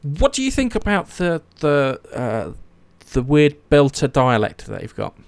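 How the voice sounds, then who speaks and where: A man's voice: a little high, wildly swooping pitch, a little slow, gravelly, no echo. A man chatting casually and eagerly about a series, rambling with many fillers and restarts. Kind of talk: casual chat.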